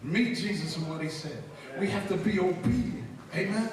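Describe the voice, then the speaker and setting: A man preaches with fiery conviction, stopping after each phrase so his words can be translated. His voice sits unusually high. He sounds distant from the mic, in a cavernous hall full of people. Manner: fervent and shouting, pausing for translation. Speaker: guest preacher. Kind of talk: preaching with an interpreter. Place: large church hall. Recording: echoey hall, far from the mic, crowd behind.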